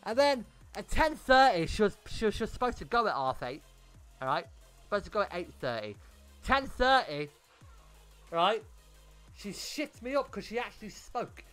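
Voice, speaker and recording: High bright-voiced young man. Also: normal speed, pauses often, clear, resonant tone, faint music behind. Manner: animated, swearing, repeats words. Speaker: gaming streamer. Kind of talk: casual storytelling on a livestream.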